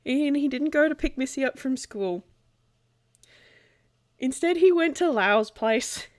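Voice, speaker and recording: A woman's voice: high-pitched, expressive, measured pace, dry recording, clean studio sound. A woman playing a tabletop game, cheerful and often laughing as she describes her character's actions. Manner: cheerful, giggly. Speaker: player.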